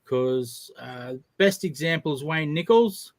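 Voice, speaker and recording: A man's voice: on the high side, lively intonation, slow, dry recording. A man in his forties co-hosting a casual live stream, candid and self-deprecating, laughing easily. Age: 40s. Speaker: stream co-host.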